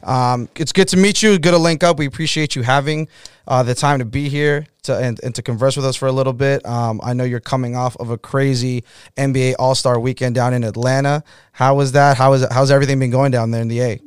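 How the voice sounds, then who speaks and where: A man hosting a podcast, introducing his guest in a relaxed, conversational way. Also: mid-range voice, brisk, smooth, dry recording. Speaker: podcast host. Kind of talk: casual podcast interview. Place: Boston.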